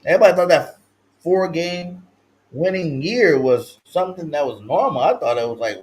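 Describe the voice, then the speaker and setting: A man from California hosting a sports talk stream, with a slightly higher-pitched voice. He is slangy and hyped, repeats catchphrases, and jumps between loud chanted lines and quiet mumbled asides. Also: animated, moderate pace, rough recording. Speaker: sports show host.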